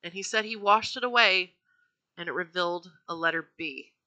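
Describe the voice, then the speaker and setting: A woman's voice: on the low side, moderate pace, bright, forceful tone. A woman hosting a true-crime podcast, telling the story in a chatty, profane way with lots of fillers and self-corrections.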